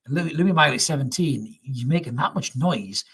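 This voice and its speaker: A man's voice: medium pitch, animated, moderate pace, a bit bright, breathy edge. A middle-aged man hosting a fan live stream, casually reading out chat comments, swearing freely and repeating himself for emphasis.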